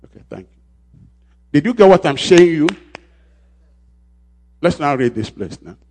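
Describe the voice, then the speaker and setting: Brief: male pastor, husky voice, call-and-response sermon, shouts then drops low. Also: expressive, unhurried. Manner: call-and-response preaching, repeating phrases, swings from shouting to quiet.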